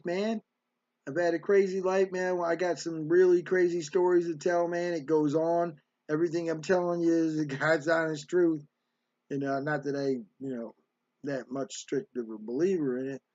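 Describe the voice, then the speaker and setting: A middle-aged man with a fairly high voice spins a rambling, streetwise story in a hotel room. He keeps tossing in "man" and "right". The recording is dull and lo-fi. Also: darkish tone. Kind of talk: casual storytelling monologue.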